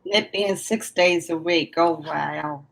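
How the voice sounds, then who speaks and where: A woman with a low, gravelly voice hosts a casual live stream, chatting with her viewers. She takes her time, drawls her words out, and laughs often.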